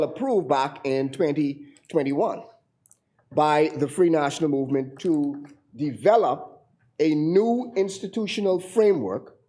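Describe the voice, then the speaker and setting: A Bahamian man speaking in a parliamentary debate, his voice hoarse and strained. He sits a little high for a man and pushes on through stumbles, fillers and repeated words as he builds his argument. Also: a little mellow. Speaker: member of parliament.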